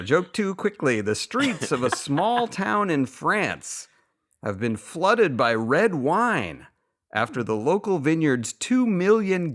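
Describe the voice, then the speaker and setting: A man co-hosting a comedy podcast, reading topical joke headlines and laughing at his own punchlines. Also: a little high. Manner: lively up-and-down delivery. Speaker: podcast co-host.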